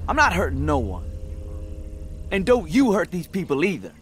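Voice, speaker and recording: A man's voice: a little high, wildly swooping pitch, moderate pace, fairly bright tone, slight background noise. A young man voicing a wary, resentful drifter in a video game, tense and defensive. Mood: angry.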